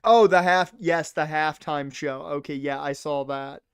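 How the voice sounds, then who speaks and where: Young guy streaming, chatty and rambly, kinda high, smooth clean voice, dry mic. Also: steady tone, unhurried, dry recording. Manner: rambling, chatty, talks to chat. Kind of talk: casual gameplay chat.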